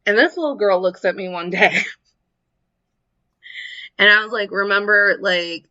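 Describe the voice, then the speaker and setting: A woman's voice: mid-range voice, a little slow, lo-fi sound. A woman co-hosting a podcast, telling stories in casual chat with lots of laughter and the odd swear word. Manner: animated storytelling, laughs often, swears. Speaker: podcast co-host.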